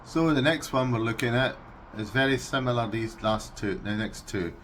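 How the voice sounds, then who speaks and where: A Scottish man vlogging casually, unhurried and amused, breaking into animal noises. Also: mid-range voice, fairly bright tone, slight background noise. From Scotland. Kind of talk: casual explainer vlog.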